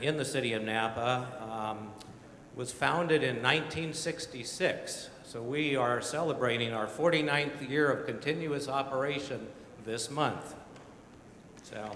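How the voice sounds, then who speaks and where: Male club president, earnest address, echoey hall. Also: fairly bright tone. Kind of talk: prepared speech to an audience. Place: large hall. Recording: echoey hall with faint rumble.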